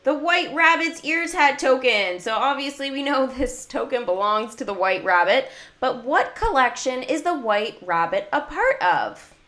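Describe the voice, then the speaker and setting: A woman's voice: high-pitched, animated, measured pace, hardly any pauses, fairly bright tone. A woman casually commenting on a mobile game in a livestream, chatting with her viewers. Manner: chatty, talks to chat and viewers. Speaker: gaming livestreamer.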